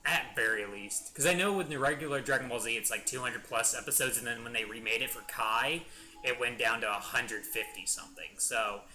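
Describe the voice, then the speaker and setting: Young guy rambling through a let's play, super bright sharp voice, excited and chatty. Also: medium pitch, fairly quick, faint music behind. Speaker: gaming channel host.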